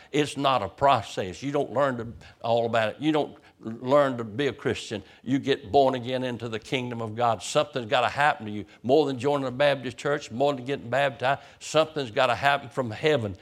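Man, pastor, sermon, mid-pitched voice, vivid storytelling, stumbling restarts. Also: moderate pace.

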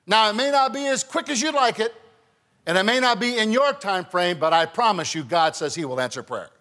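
A man's voice: high-pitched, expressive, a little fast, bright, forceful tone, big-room sound. A male pastor preaching a sermon in church, with emphatic rising calls and call-and-response to his congregation. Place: church sanctuary.

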